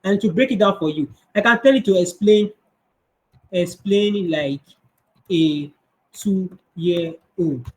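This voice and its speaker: A man with a high-pitched, slightly strained voice teaches kids coding over a video call, speaking slowly and pausing often. He answers their questions conversationally, restarting frequently, and the audio quality is poor.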